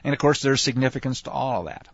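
A man teaching scripture in a conversational way, animated and speaking straight to his listeners. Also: medium pitch, fast, no echo. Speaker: Bible teacher. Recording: dull lo-fi, dry sound.

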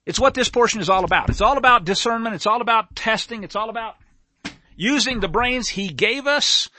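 An animated male preacher with a high, bright voice that leaps up and down in pitch. He preaches emphatically and digresses into nerdy asides. The sound is close and dry. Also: fairly quick, dry recording. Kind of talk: sermon.

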